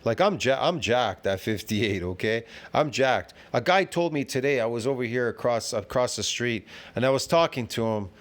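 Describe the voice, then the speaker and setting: A man's voice: mid-range voice, expressive, normal speed, few pauses. A man in his fifties giving reaction commentary, rambling and swearing as he argues and lectures, often asking whether you get it. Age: 50s. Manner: profane, rambling and argumentative. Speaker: fitness commentator reacting to a video.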